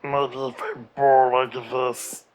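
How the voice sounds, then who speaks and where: A man's voice: medium pitch, little pitch movement, slow pace. A man hosting a video game let's play, giving casual, rambling commentary with self-mocking, exasperated grumbling.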